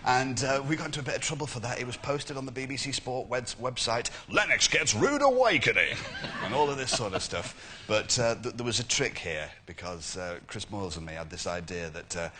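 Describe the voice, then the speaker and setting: A male impressionist, a talk show guest, telling anecdotes in an animated way. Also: mid-range voice, fairly quick, few pauses, slight background noise. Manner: animated storytelling, slipping into impressions.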